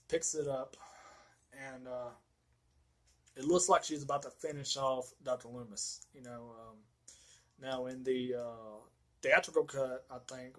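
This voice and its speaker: A man's voice: mid-range voice, a bit bright, rough recording. A man ranting through a casual film recap, rambling with lots of fillers and heavy swearing. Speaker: movie reviewer.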